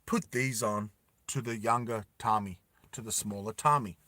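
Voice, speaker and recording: Guy doing a flat cold humanoid lady guard barking orders, bright dry voice. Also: fairly low pitch, moderate pace, no echo. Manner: flat commanding.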